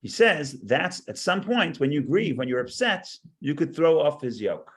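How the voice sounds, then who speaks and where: A man's voice: on the high side, lively intonation, moderate pace, a bit bright. A man teaching a text study class, reading verses aloud and explaining them, often repeating words as he thinks.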